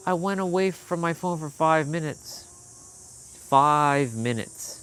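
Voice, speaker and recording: A man's voice: a little high, slow pace, fairly bright tone, smooth. Young adult male vlogger, raw and candid, recounting a past fight. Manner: candid, swearing, quoting others in heated bursts. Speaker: fitness vlogger. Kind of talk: emotional personal storytelling.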